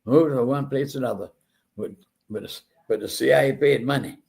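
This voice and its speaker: A man's voice: medium pitch, fairly quick, vocal fry, darkish tone. An older man hosting a talk show, telling stories in a rambling, earnest monologue, often repeating words, and saying he feels a little unwell. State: feeling unwell. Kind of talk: casual monologue.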